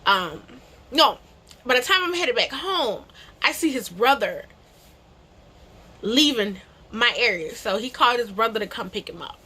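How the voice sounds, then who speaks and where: A woman's voice: a little high, animated, a little slow, long pauses, pushed and bright, slightly rough. A young adult woman telling a storytime to camera, emphatic and slangy, repeating phrases and calling people bro. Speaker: vlogger. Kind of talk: animated storytime.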